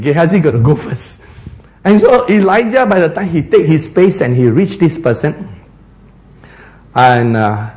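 Animated preacher. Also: male voice, on the high side, unhurried, long pauses. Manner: animated storytelling, laughs often, acts out the characters' lines. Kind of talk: sermon.

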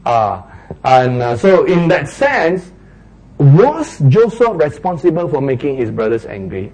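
A man's voice: on the high side, very animated, unhurried, a little mellow, low-quality recording. A man, preaching a sermon and acting out little street quarrels in raised voices.

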